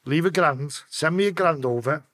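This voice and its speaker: A man with a Liverpool accent telling a story as a guest on a podcast. His voice sits fairly high for a man, and it is recorded close and dry. He swears a lot and jumps into the voices of the people he is quoting, his pitch swinging up and down. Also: normal speed, dry recording. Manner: profane, acts out quoted voices with sharp pitch swings. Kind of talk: casual storytelling interview.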